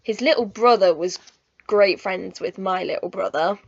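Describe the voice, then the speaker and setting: A woman's voice: mid-range voice, normal speed, gravelly, no echo. A young woman telling a personal storytime vlog in a chatty, emotional, giggly way, in a slightly muffled recording. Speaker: vlogger.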